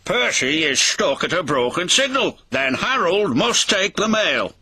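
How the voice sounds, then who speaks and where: A man's voice: high voice, very animated, measured pace, sharp tone, voice pushed up, heavily acted. A man doing a firm portly railway boss. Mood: decisive. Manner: firm, decisive. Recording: music behind the voice.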